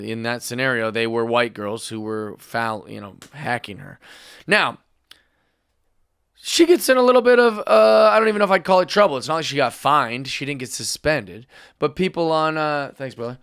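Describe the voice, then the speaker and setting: Excitable man on a sarcastic comedy rant. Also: fairly high pitch, clear, resonant tone, no echo, studio quality. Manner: animated, sarcastic, builds to loud mock outrage. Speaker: podcast host.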